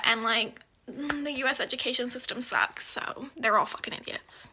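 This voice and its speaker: A young woman from Australia quietly retelling a story in an exasperated way. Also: on the high side, fairly even intonation, brisk. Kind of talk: casual storytelling.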